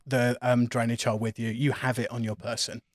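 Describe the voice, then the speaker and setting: A man's voice: medium pitch, level tone, brisk, no room sound, studio quality. Man narrating as game master.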